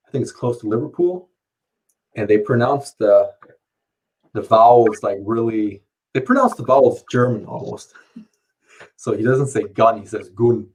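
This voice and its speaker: A man's voice: mid-range voice, normal speed, long pauses, darkish tone, slightly rough, rough recording. A man chatting casually at home, rambling, swearing and laughing often. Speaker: streamer. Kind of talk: casual chat. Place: home, under curfew.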